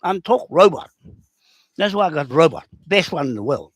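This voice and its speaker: Combative New man, lively high voice. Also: moderate pace, dry recording. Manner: rough, confrontational, repeats himself. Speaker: livestream host answering comments. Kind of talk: rambling, combative livestream talk.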